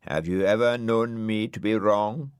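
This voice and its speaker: A man's voice: fairly low pitch, steady tone, unhurried, clean tone, dry recording, clean studio sound, pitched above the performer's own voice, natural voice. A man voicing a grumpy, pompous male dog in a storybook, sulky and indignant. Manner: indignant, sulky, grandly aggrieved. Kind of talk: audiobook character voice.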